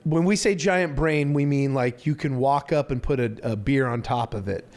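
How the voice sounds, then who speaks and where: A man's voice: mid-range voice, normal speed, a little mellow. A man co-hosting a casual podcast, riffing crudely on a bad movie and jokingly acting out its lines. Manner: crude, joking, acts out quotes mid-story. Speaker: podcast co-host.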